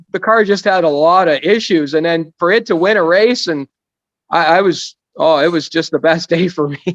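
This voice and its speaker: A racing driver in his fifties, appearing as a guest on a casual podcast, tells stories in a rambling, self-deprecating way. His voice is high-pitched, with no echo.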